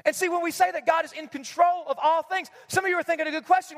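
A man's voice: very high-pitched, steady tone, fast. A man preaching a sermon as pastor, emphatic, repeating key lines and asking the congregation questions. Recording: long hall reverb.

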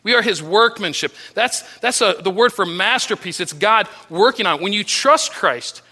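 A man preaching a sermon as pastor, earnest, with frequent restarts, his voice dropping low and soft on key phrases. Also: animated, normal speed.

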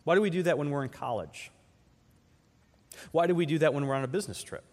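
A man preaching as pastor, his voice sitting a little high for a man. He speaks conversationally, firing off rhetorical questions and swinging between loud emphasis and slow, hushed lines. A long reverb trails each phrase through the large hall. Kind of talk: sermon.

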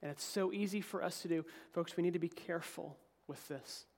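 A man preaching a sermon as pastor, reading scripture and swinging between emphatic peaks and quiet, low asides. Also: brisk. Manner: animated preaching, voice rising to emphatic peaks then dropping low.

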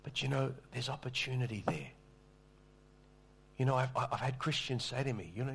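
A man's voice: mid-range voice, lively intonation, normal speed, vocal fry, a bit bright, a little hiss or hum. A middle-aged man preaching a sermon, telling a story in a conversational, self-deprecating way with small stammers. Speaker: pastor.

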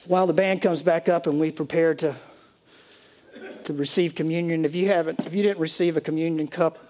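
A man's voice: fairly high pitch, steady tone, a little fast, a little mellow. A male pastor preaching a sermon, exhorting his listeners and telling a story with quoted voices. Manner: urgent, exhorting.

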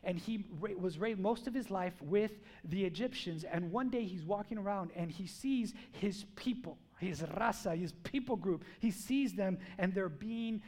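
A man's voice: high voice, measured pace, few pauses, a little mellow. A man preaching a sermon with emphasis. He asks the congregation questions and acts out quotes.

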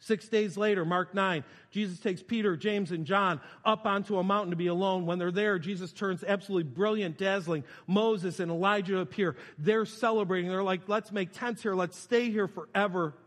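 A man's voice: sits high, steady tone, a little fast, few pauses, a bit bright, big-room sound. A man preaching a sermon as a pastor, retelling scripture in a conversational, storytelling way. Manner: conversational, storytelling with quoted voices.

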